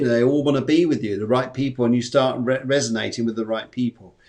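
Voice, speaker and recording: A man's voice: medium pitch, fairly even intonation, brisk, hardly any pauses, a little mellow. A man, a psychic medium, hosting a live-stream show in a chatty, jokey, rambling way. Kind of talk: live-stream reading chat.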